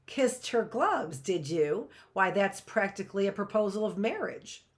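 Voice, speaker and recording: A woman voicing a smooth-talking, jovial male lawyer with grandly polite, hearty speech in a storybook reading. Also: medium pitch, lively intonation, measured pace, close to an everyday voice.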